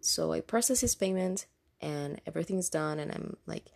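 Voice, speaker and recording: Chatty woman with a gravelly voice. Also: low-pitched, expressive, normal speed. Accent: non-US accent. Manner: chatty, laughs often, many fillers and restarts. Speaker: insurance call agent telling work stories. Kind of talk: casual storytelling vlog.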